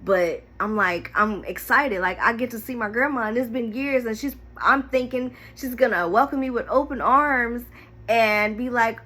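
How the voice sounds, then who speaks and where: A woman with a bright, forceful voice shares a painful personal story to camera. She talks candidly and animatedly, fighting back tears at moments. Her delivery is vivid and heartfelt. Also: fairly high pitch, moderate pace. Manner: emotional, candid, animated retelling. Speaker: storyteller vlogger.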